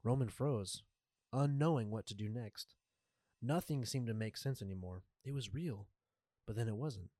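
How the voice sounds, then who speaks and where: A man reading a story aloud in a measured, even way. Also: medium pitch, no room sound. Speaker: narrator. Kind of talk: scripted story narration.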